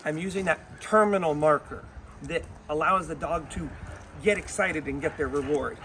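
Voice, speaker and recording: A man working as a dog trainer in an instructional demo, switching between bright, high praise for the dog and calm explanation. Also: moderate pace. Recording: outdoor mic with clear background noise.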